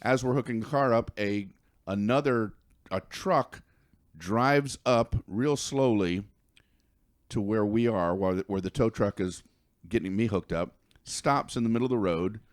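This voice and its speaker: A male comedian, a guest on a podcast, tells a comic story with animated stammering restarts. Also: fairly low pitch, unhurried.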